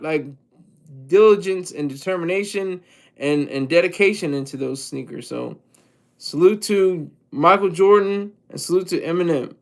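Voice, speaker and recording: Rambling high-voiced man chatting casually. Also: a bit bright. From Delaware. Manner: rambling, jokey, self-interrupting. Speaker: vlogger. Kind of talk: casual solo commentary.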